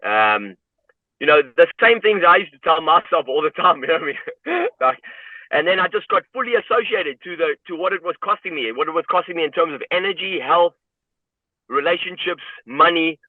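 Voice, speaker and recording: A man's voice: a little high, lively intonation, a little fast, no echo. A man from South Africa, a guest telling a personal story in a reflective way, often filling with "you know". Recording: tinny phone-like line, dry.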